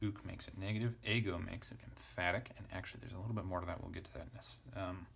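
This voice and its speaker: Casual male teacher, deep and gravelly, who thinks aloud and spells out letters; faint noise underneath. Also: steady tone, rapid-fire, fairly bright tone. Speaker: Greek teacher. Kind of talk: casual lesson, parsing text aloud.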